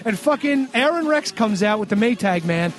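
A man's voice: high-pitched, expressive, moderate pace. A man recapping a wrestling show on a podcast in a sarcastic, ranting way with lots of swearing. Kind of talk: casual profane recap.

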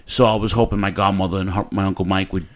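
A man, hosting a casual podcast chat in a rambling, profane, animated way. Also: deep voice, fast. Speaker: podcast host.

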